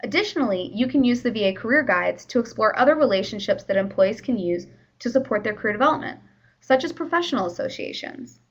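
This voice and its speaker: A woman's voice: a little high, expressive, fast, low-quality recording. A woman presenting a workplace training session in a conversational, explanatory way, with the odd "you know".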